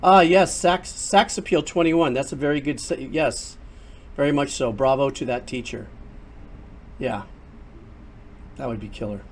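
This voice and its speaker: An older man chatting through a headset as he streams a game, his voice sitting in an ordinary middle register. He talks casually and gets excitable, exclaiming often as he plays. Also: medium pitch, measured pace, pauses often. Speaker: streamer and composer. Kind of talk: casual livestream commentary.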